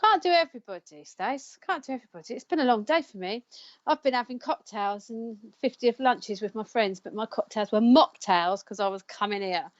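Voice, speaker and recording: A woman talks casually to her live audience as a psychic counsellor host. She laughs often and trips over names. Her mid-pitched voice comes through slightly dull, lo-fi stream audio. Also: normal speed.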